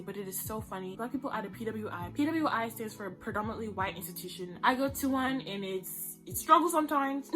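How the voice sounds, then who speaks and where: Chatty emphatic young woman, slightly high. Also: fairly bright tone. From United States. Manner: chatty and emphatic, repeats phrases, slangy. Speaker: YouTuber. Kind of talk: casual TV recommendation vlog.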